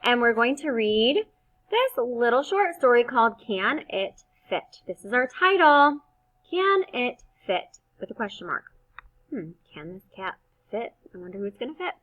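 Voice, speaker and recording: A woman teaching first graders to read, slowly stretching out the sounds of each word in an encouraging teacher voice. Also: fairly high pitch, big pitch swings, distant mic. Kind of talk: slow phonics reading lesson. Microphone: computer mic on a screen-shared video. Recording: slightly dull, lo-fi sound.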